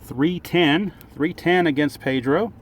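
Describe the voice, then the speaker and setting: A man with a slightly high voice calls play-by-play for a tabletop baseball dice game outdoors, taking it slowly and thinking aloud over each roll. There's a little hiss or hum in the recording.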